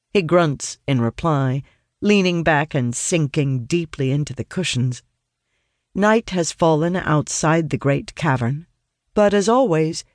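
An earnest audiobook narrator tells a first-person fantasy tale at a middling pitch. The sound is dry and close, with no room around the voice. The delivery is studious and grows animated when the characters speak. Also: no echo.

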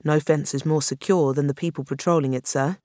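A reader doing a tired, grave police chief. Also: male voice, fairly high pitch, steady tone, a little fast, darkish tone, dry recording, clean studio sound, close to an everyday voice. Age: 50s. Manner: grave and matter-of-fact. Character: bulky fifty-ish male police commander, tired. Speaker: police superintendent.

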